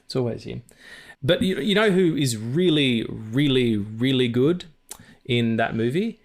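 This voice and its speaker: A man hosts a laid-back movie podcast, speaking at an ordinary pitch. He talks with enthusiasm and profanity, and he keeps slipping into quick impressions of film lines. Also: lively intonation. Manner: enthusiastic, swears freely, acts out movie lines. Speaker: podcast host. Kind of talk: casual film chat.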